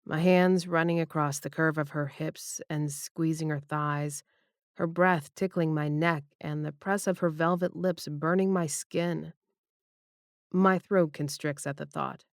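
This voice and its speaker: A woman narrating a first-person romance audiobook in an intimate, expressive reading. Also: sits low, a little slow, dry recording, clean studio sound.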